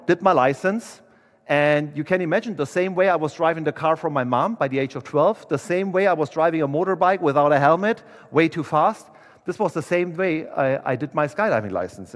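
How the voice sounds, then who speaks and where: A young adult man, a motivational speaker, telling a personal story to employees in a candid, chatty way and acting out what people said. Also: a little high. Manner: candid, chatty, acts out dialogue. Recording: long reverb of a large hall.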